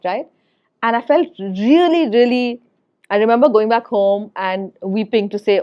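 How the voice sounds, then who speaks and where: A woman's voice: mid-range voice, normal speed, clear, resonant tone. A middle-aged woman, a podcast guest telling a personal story in an earnest way and repeating words for emphasis. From India. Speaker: guest, HR executive. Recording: dull lo-fi podcast audio.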